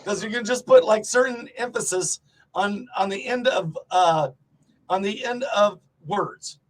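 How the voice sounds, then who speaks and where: A man trading crude comic banter as a show host, excitable and swearing, often shouting. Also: sits high, unhurried, poor audio. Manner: loud, excitable, swears a lot, breaks into shouting.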